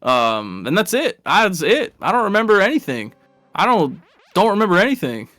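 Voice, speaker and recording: A rambling, talkative man commentates a live video game race in a relaxed stream style. His voice sits a little high, and he chuckles at his own tangents. The sound is dry and close, with faint music underneath. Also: normal speed, no room sound. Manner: rambling and chatty, laughs at his own stories.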